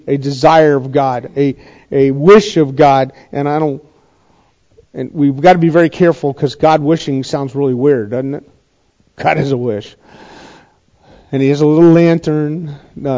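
A man's voice: a little high, dark tone, dull audio. A middle-aged man preaching a sermon in a conversational way, often asking the congregation questions. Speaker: pastor.

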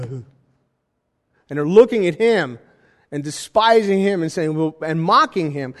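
A man preaching a sermon in a conversational style, with jokey asides and animated emphasis. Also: high-pitched, normal speed, pauses often, long reverb tail. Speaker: pastor.

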